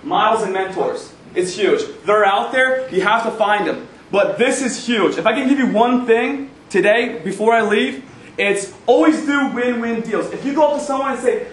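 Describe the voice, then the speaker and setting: A young man with a fairly high voice gives a motivational talk as a guest speaker in a university event hall, speaking at normal speed with energetic, punchy emphasis and repeated phrases. Recorded from far off, his words carry the hall's echo over a faint hum of room noise.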